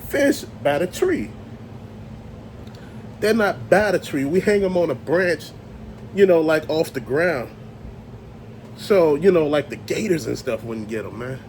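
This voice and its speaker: A man tells a creepy story in loose, profane everyday talk and puts on little voices and sounds as he goes. His voice sits high for a man and leaps all over the place. A faint background hiss stays under his voice. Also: darkish tone. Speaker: storyteller host. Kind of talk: casual spoken storytelling.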